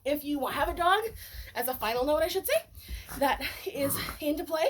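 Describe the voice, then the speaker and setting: Woman dog trainer, high-pitched, casual explainer with sing-song praise for the dog. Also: moderate pace, a little hiss or hum.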